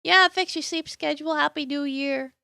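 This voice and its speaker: A woman's voice: high voice, moderate pace, gravelly, sharp tone, dry recording, clean studio sound. A young woman streamer chatting casually and playfully with her viewers, often laughing. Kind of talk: casual live-stream chat while playing a game.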